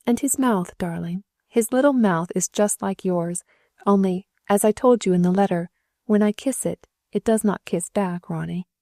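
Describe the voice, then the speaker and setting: A woman's voice: medium pitch, normal speed, mellow, no room sound, clean studio sound, close to an everyday voice. A woman reading the lines of a loving young wife and new mother in a storybook, tender and affectionate.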